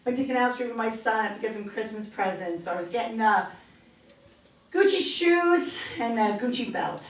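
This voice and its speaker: A woman's voice: on the high side, animated. Middle-aged woman doing stand-up, roomy. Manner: chatty, self-deprecating, quick asides. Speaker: stand-up comedian. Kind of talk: stand-up comedy set. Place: comedy club stage. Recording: echoey club from far off. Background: audience laughter.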